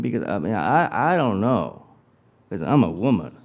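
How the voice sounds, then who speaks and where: A man's voice: fairly low pitch, sing-song, moderate pace, creaky, a little mellow. A man giving a humorous guest lecture, telling stories animatedly and acting out dialogue with comic asides.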